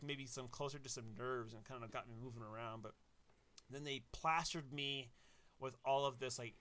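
A man casually telling a personal anecdote, animated and laughing at his own story. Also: medium pitch.

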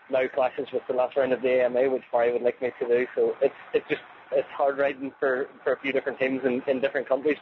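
A Northern Irish man talking quickly in an even, level tone, repeating and restarting his words as he goes. He comes through a tinny phone line with a faint hiss behind him. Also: mid-range voice. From Northern Ireland. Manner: chatty, many restarts. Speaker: motorcycle racer, guest. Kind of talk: phone interview.

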